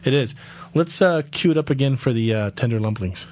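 A man hosting a podcast in casual chat, teasing his co-hosts with dry humor. He talks fast and keeps his segments moving. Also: mid-range voice, expressive, over music. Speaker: podcast host.

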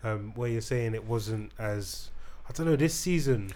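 A man's voice: fairly low pitch, a little slow, darkish tone. A young man hosting a casual chat, rambling and teasing with frequent restarts. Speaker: podcast host.

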